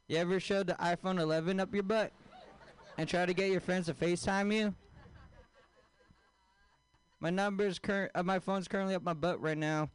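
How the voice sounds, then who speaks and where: A man doing a stand-up comedy set, deadpan and crude, often quizzing the crowd. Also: sits high, moderate pace, pauses often, clean tone. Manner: deadpan, crowd-work questions, crude jokes.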